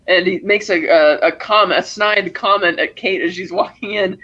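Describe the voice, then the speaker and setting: Man, podcast co-host, casual movie recap, high bright voice, dull lo-fi audio. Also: moderate pace. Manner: retells scenes with acted-out quotes.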